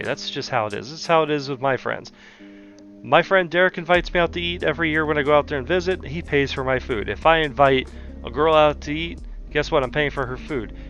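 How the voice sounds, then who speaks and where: A man's voice: on the high side, fairly bright tone. A young man from the American South, hosting a profane, heated commentary rant. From Southern United States. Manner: heated, exasperated, heavy swearing. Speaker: commentary channel host.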